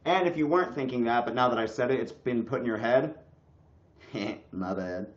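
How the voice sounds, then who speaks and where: A young man ranting bluntly and crudely on a casual livestream, his voice swinging from loud bursts to low mutters. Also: normal speed. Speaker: streamer. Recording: echoey room, dull lo-fi sound.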